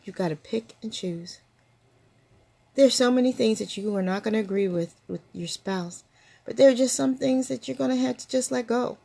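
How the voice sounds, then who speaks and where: An older woman shares a memory in a reflective storytelling way. Her voice has a gravelly, husky texture, and she breaks into laughter now and then. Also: on the high side. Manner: warm, reflective, laughs often. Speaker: storytelling host. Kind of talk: personal storytelling to camera.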